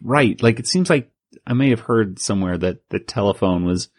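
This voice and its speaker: A man's voice: on the low side, expressive, normal speed, darkish tone, husky, dry recording, studio quality. A man co-hosting a podcast, recapping a comic in a rambling, self-interrupting way with frequent laughs. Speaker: podcast co-host. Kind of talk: casual chat.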